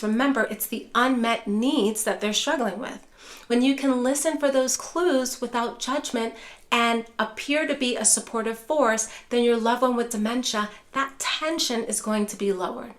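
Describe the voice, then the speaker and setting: Woman, caregiver educator, reassuring, direct teaching, softly models calm phrases, slightly high voice. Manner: warm, reassuring, addresses viewers as care partners; acts out gentle calming phrases in a soft voice. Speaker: dementia care educator.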